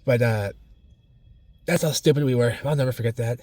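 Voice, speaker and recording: A man's voice: medium pitch, fairly quick, dark tone, no echo. A man from Minnesota, vlogging outdoors near old mill buildings, chatty and rambling, repeating his own phrases in a folksy way. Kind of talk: casual walking vlog.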